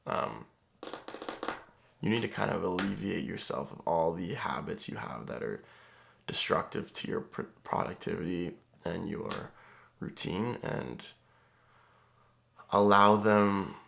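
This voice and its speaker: A man's voice: low-pitched, a little slow, gravelly, pauses often. A young man talking casually to the camera in a rambling vlog, with lots of fillers. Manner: relaxed, rambling, frequent fillers.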